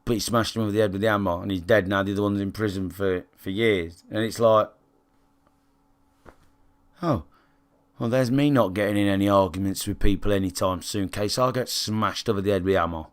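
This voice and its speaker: A man's voice: on the low side, fairly even intonation, fairly quick. Rambling, sweary British streamer man. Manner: rambling and sweary, often asks "do you know what I mean". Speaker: gaming live streamer. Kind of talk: casual chat with stream viewers.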